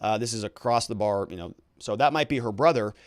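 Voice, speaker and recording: A man's voice: on the low side, fairly quick, no echo, studio quality. A man, an attorney host, giving conversational legal commentary and explaining things with filler words.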